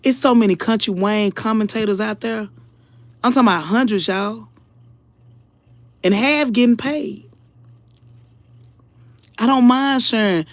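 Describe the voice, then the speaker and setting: An online commentator talks casually to her viewers, earnest, emotional and a bit preachy, calling them y'all again and again. Her voice is a little high and a little slow, with frequent pauses. There's no room sound.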